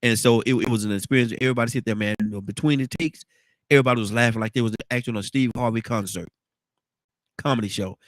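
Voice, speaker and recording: A congested man with a baritone voice hosting a casual morning talk show, rambling and repeating his words. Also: fast talker, no echo. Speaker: radio show host.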